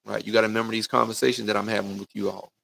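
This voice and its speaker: A man's voice: on the low side, little pitch movement, rapid-fire, creaky, fairly bright tone. A middle-aged man, a youth football coach, giving a folksy motivational talk on a livestream, talking straight to parents and kids. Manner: folksy, preachy, addresses parents and kids directly with lots of "right?" and "man". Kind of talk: live-streamed motivational talk.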